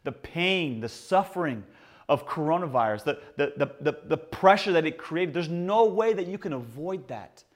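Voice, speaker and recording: Animated pastor man preaching. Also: normal speed. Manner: animated storytelling with lively swings in pitch and loudness; prays and calls to the congregation. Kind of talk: sermon.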